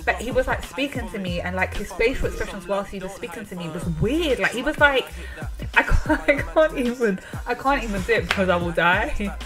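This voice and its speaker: A woman's voice: mid-range voice, a little fast, over music. A woman co-hosting a casual podcast chat, telling stories through fits of giggles. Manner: giggly, animated storytelling. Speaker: podcast co-host.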